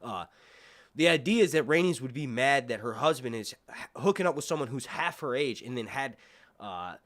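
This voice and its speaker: Animated, nasal man breaking down a trailer. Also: medium pitch, moderate pace, dry recording. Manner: rambling, animated, with many fillers and asides. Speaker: host. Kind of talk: casual trailer breakdown commentary. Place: seated indoors.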